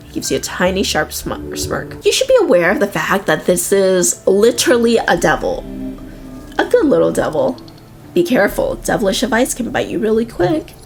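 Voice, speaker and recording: A woman's voice: medium pitch, creaky. A young woman streaming a role-playing game, reading its text aloud with amused reactions.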